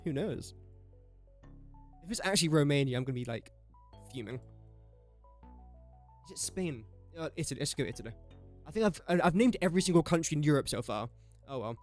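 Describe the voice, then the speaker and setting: Streaming a game live, a young adult from England keeps up casual, self-deprecating chatter and mumbles his guesses along the way. His voice sits a little high and sounds slightly mellow.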